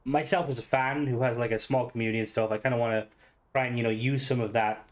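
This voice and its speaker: A man's voice: medium pitch, fairly even intonation, fast talker. Rambling casual young man gamer. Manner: rambling, many fillers and restarts, swears casually. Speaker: gaming YouTuber. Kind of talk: casual unscripted commentary.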